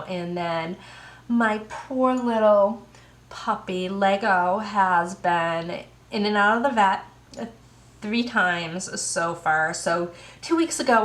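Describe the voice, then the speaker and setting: An American woman hosting a podcast from home, chatting casually in an unhurried, rambling way with many fillers. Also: on the low side, a bit bright, reverberant. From United States. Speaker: podcast host. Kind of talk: casual knitting podcast chat.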